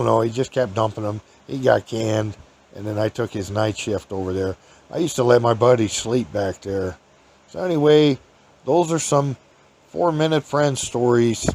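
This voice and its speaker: A man's voice: medium pitch, creaky, darkish tone, slight background noise. Podcast host, male, folksy rambling storyteller, casual chat, chuckles often.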